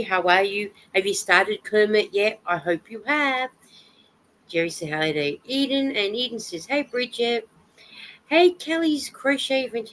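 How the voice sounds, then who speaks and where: A woman hosting a casual live chat from home while she knits, greeting viewers by name, reading their comments aloud, and adding soft sympathetic asides. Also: medium pitch, slight background noise, low-quality recording. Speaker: livestream host.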